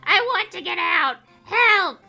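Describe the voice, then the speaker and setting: A woman voicing a panicked man trapped in the dark, desperate and shrieking for help. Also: extremely high pitch, animated, slow pace, vocal fry, heavily acted. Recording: game music behind.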